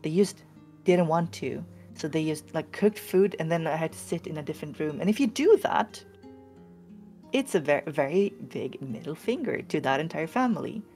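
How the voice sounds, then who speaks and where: Low-voiced woman from Sweden, relaxed chat. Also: moderate pace, faint music behind. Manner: relaxed, thoughtful, uses fillers. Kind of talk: casual chat.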